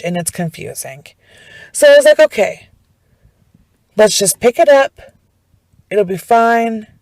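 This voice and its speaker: A woman's voice: on the high side, no echo, rough recording. A young woman hosting a podcast, ranting in a casual, profane, rambling way with frequent restarts. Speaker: podcast host.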